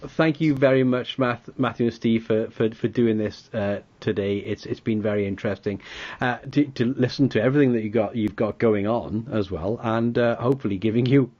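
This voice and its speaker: A man's voice: lowish voice, brisk, a little mellow. A man hosting a casual podcast chat, rambling with frequent stammered restarts. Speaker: podcast host. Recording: dull lo-fi audio.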